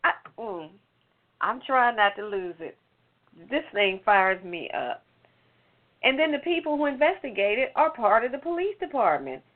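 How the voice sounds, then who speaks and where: A woman giving a heated, sarcastic commentary on a late-night talk show, firing off rhetorical questions. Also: on the high side. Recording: phone-like narrow sound.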